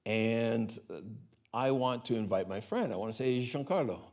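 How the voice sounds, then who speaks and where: A man gives a relaxed conference talk into a handheld mic, his pitch in an ordinary middle range. He explains things casually and keeps checking in with tag questions. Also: moderate pace, creaky. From Canada. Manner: conversational, many tag questions. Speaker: conference speaker. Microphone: handheld mic, hot gain.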